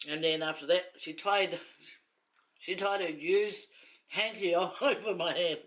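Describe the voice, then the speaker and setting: A middle-aged woman with a Samoan accent talks at a measured pace in a voice on the low side, a bit bright. Sitting on a long chair indoors at home, this mukbang vlogger casually rambles through stories for the camera, teasing and laughing often.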